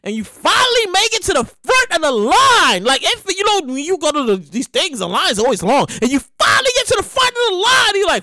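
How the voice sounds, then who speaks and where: A woman's voice: high-pitched, sing-song, fairly quick, hardly any pauses, pushed and bright, dry recording, studio quality. A woman hosting a podcast, talking casually and animatedly, cursing freely and acting out scenes with big exaggerated outbursts. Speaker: podcast host. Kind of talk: casual commentary monologue.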